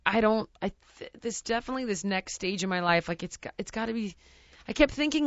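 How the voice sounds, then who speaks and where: A woman talks in a candid, searching way, restarting her sentences as she works out her thoughts. The sound is dry, a little muffled in the high end, and her pitch sits in a middle range. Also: animated, a little fast, no room sound. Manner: searching, earnest, many restarts and "like". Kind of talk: candid casual chat.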